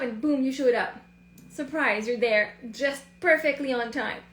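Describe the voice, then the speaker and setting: A woman with a high voice talks in a loose, rambling way, hosting a casual live chat. She often slips into acting out her own inner thoughts. The sound bounces around an echoey room. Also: measured pace, fairly bright tone. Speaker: live stream host.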